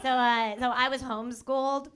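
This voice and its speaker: A woman performs stand-up comedy before a live audience, laughing between jokes and teasing the crowd. Her high voice keeps fairly even intonation at a normal speed. The club recording is full of loud crowd laughter and room noise.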